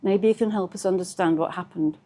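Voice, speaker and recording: A woman reading the lines of a calm, polite male police detective inspector with a mellow, pleasant voice. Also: fairly low pitch, fairly quick, close to an everyday voice.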